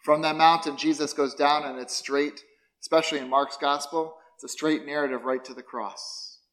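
A middle-aged man preaching a sermon as pastor, conversational and expressive, with rhetorical questions and wry asides about himself. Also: fairly high pitch, normal speed.

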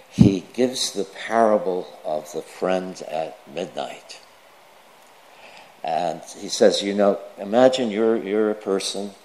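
A man, a priest, reading the gospel and preaching a sermon in a measured storytelling manner. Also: fairly low pitch, darkish tone. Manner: slow, measured delivery with storytelling asides.

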